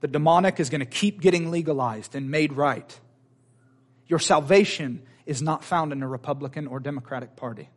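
In a slightly high voice and a brisk delivery, a man gives a church sermon. He exhorts fervently and emphatically, repeating his lines to hammer them home.

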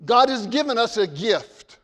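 Pastor, male, high voice, sermon with scripture readings, long church reverb. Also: big pitch swings, a bit bright. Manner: repeats and restarts phrases, reads scripture aloud slowly.

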